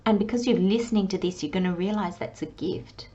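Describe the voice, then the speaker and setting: A woman giving a channelled tarot reading in a soft, dreamy way, often dropping into a hushed whisper. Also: mid-range voice, a little fast, dull audio. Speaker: tarot reader.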